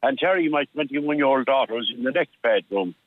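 A man's voice: medium pitch, lively intonation, dry recording. An older Irish man tells a long story down a phone line that sounds thin and tinny. He restarts his sentences often, and he slips into the voices of the people he quotes. The sound is dry and close. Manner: halting storyteller with many restarts, acting out dialogue. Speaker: caller. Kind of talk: telling a personal story on a radio phone-in.

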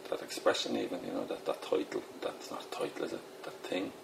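A middle-aged Dublin poet from Ireland chats in a casual interview, rambling and self-deprecating, his speech full of fillers. He talks a little fast against a noisy background.

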